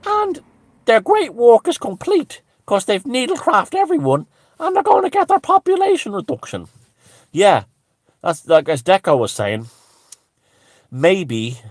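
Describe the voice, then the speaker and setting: This alternative-thinking commentator pitches his voice fairly low with a darkish tone, and there's no echo. He launches into a scornful, crude rant, cursing heavily as he goes.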